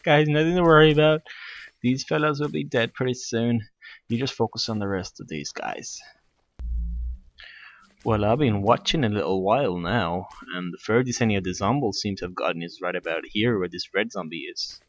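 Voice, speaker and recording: A man giving excitable, mock-grand, self-mocking commentary over his own gameplay as a video host. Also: lowish voice, normal speed. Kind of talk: let's play commentary.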